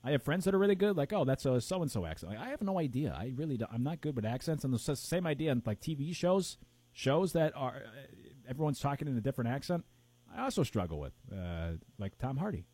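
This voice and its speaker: A man's voice: medium pitch, very animated, fast talker, mellow, slightly rough, dry recording. A man co-hosting a casual chat show, rambling and hunting for names with plenty of fillers. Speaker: podcast co-host.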